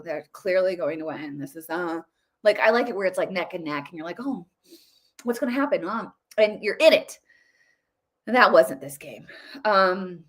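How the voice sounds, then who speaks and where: A middle-aged American woman hosting casual political commentary, talking excitedly with frequent repeats and restarts. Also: mid-range voice.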